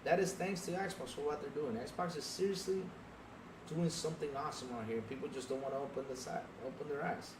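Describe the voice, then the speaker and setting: A young adult man hosting a live podcast stream, talking straight to his chat in an animated, repetitive way. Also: on the high side, fairly quick, noisy background. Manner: animated, talks straight to chat, repeats himself. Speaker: podcast host.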